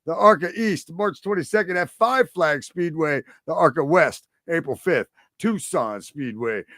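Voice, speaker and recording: A male co-host of a racing radio show reading a long race schedule, with loud bursts and quick asides. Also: a little high, dry recording, clean studio sound.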